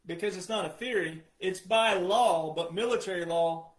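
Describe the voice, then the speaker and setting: A man hosting his own show, giving an opinionated, scornful monologue that swings from low mutters to loud outbursts. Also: moderate pace. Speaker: political commentator host. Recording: echoey room.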